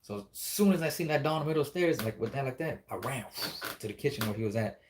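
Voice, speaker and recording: A man's voice: medium pitch, expressive, fast talker, noisy background. A man telling a spooky story in a casual, rambling, profane way, acting out the dialogue as he goes.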